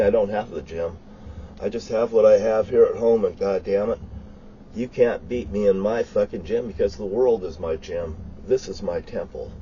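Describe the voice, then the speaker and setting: A man delivers a heated, rambling rant, swearing in nearly every line. His voice is mellow and warm. The recording sounds dull and lo-fi, with a faint hiss of noise behind him. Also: fairly low pitch. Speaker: vlogger. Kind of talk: profane ranting monologue.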